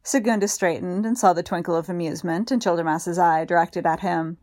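A woman narrating a story in a calm, measured audiobook reading. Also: fairly low pitch, no room sound, clean studio sound. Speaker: story reader.

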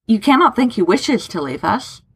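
A woman voicing a reserved, dejected English gentleman who answers in formal, clipped lines. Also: fairly high pitch, very animated, normal speed, breathy edge, no room sound, voice pushed up, heavily acted. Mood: subdued.

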